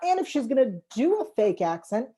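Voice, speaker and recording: Mellow-voiced opinionated woman. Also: on the high side, big pitch swings, fairly quick, slightly rough. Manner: opinionated, apologetic asides. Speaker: panelist. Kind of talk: casual video-call discussion.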